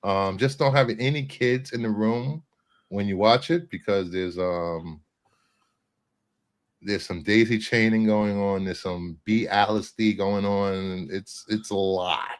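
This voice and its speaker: A man's voice: fairly low pitch, steady tone, takes it slowly. A man hosting a casual pop-culture chat show, joking and rambling with lots of fillers. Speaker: podcast host.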